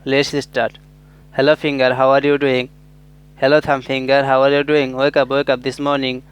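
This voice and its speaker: A man's voice: mid-range voice, flat delivery, moderate pace, smooth. A man giving an English lesson, greeting his fingers one by one with simple repeated phrases. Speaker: English tutor. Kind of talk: finger role-play lesson.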